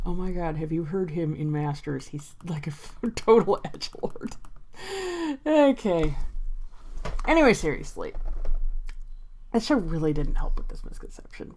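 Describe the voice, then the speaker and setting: A woman giving an opinionated commentary vlog, exasperated and sarcastic, with frequent sighs and laughs. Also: mid-range voice. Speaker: video creator.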